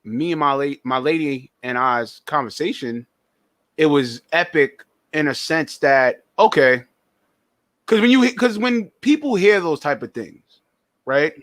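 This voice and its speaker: A man's voice: on the high side, lively intonation, unhurried, a bit bright, dry recording. A young man chatting casually on a podcast, stumbling and repeating words as he thinks aloud. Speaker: podcast host.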